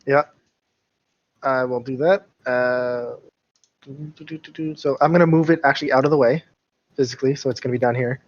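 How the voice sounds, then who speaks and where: A man playing in an online tabletop game, easygoing and quick to laugh. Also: mid-range voice. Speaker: player. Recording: dull, lo-fi voice chat.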